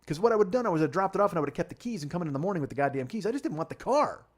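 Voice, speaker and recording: Speaking in a high, sing-song voice, a male comedy podcast host rambles quickly through a story, swearing and sounding fed up. The whole thing plays as a ranting, comic storytelling monologue.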